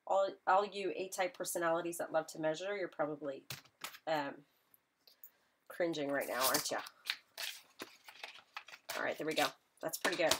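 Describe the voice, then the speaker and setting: A chatty woman with a slightly low voice leads a live craft demonstration, joking about herself and talking straight to her viewers as she works. Clear background noise runs under the stream. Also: fairly even intonation, normal speed, pauses often, fairly bright tone. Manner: chatty, self-deprecating, talks to viewers while working. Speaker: craft class instructor.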